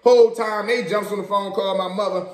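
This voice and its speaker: A young man from Baltimore with a Baltimore accent, casually telling a story in slangy, animated talk with swearing. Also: sits high, fairly quick, reverberant. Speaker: storyteller vlogger.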